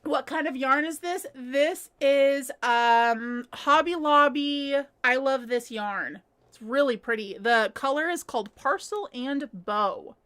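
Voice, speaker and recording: A woman's voice: sits high, slow pace, a bit bright, smooth. A woman chatting casually on a home livestream while crocheting, giggling often and reading viewers' comments aloud. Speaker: livestream host.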